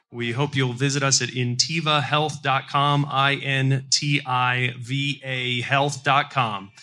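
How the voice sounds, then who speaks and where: A man giving an upbeat startup pitch like a salesman. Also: bright, forceful tone. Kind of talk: short elevator pitch.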